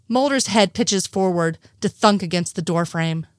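A woman reading a story aloud, voicing the characters' dialogue with shifts in pitch. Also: moderate pace, few pauses, no room sound, clean studio sound. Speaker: reader. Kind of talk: audiobook reading of fan fiction.

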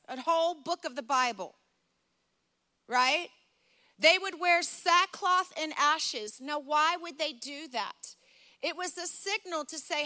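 A woman's voice: high-pitched, pushed and bright. A woman pastor preaching a sermon, emphatic and repeating phrases for effect.

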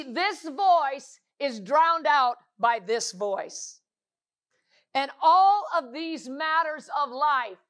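A woman delivers a sermon in a high, bright voice. She speaks emphatically, hammering points home through repetition. She keeps asking rhetorical questions of the congregation. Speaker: preacher.

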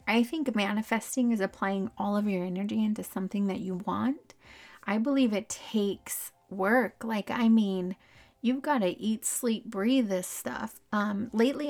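A young adult woman hosting a casual solo podcast, chatty and upbeat, laughing often between her thoughts. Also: medium pitch. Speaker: podcast host.

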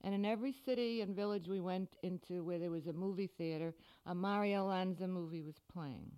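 A middle-aged woman author from the United States, giving a scripted radio talk with dry, deadpan humor. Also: fairly low pitch, brisk, clear, resonant tone.

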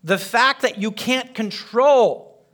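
A man's voice: very high voice, slow pace, a bit bright. A man teaching a Bible lesson to a group, emphatic, often putting questions to his listeners.

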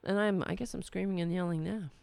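A woman's voice: fairly low pitch, fairly even intonation, fast, creaky, mellow, clear, resonant tone, no room sound. A woman delivering an angry, sarcastic and profane political rant. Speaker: political commentator.

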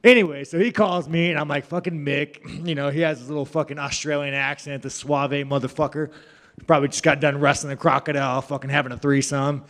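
A man's voice: on the high side, fairly even intonation, quick pace, a bit bright. A man, a professional fighter, giving rambling, profane, mocking answers to reporters. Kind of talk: media scrum answers. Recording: reverberant room.

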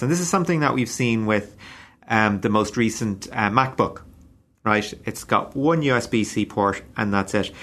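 A man co-hosting a chat show, laying out the other side of the argument in a measured, patient way. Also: fairly low pitch, a bit bright. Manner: measured, patient, plays devil's advocate. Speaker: co-host. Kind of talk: casual debate chat.

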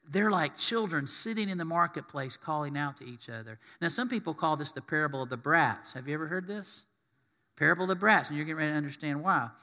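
Brief: male pastor, animated sermon, high bright voice, long hall reverb. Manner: animated, acts out quotes in voices.

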